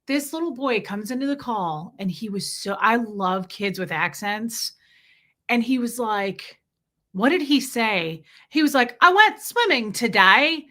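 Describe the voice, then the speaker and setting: A woman hosts a casual livestream, reading out viewer names and drifting into rambling stories. Her voice is bright and forward and sits a little high. It jumps up for greetings and sinks low and quiet for side comments. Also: lively intonation, a little slow. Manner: chatty, warm toward viewers, rambling asides. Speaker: livestream host.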